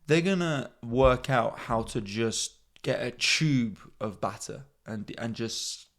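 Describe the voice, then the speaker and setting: A man's voice: medium pitch, expressive, takes it slowly, fairly bright tone. A man in his thirties hosting a comedy podcast, rambling in a self-mocking way and swearing freely. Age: 30s. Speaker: podcast host. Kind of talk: casual comedic monologue.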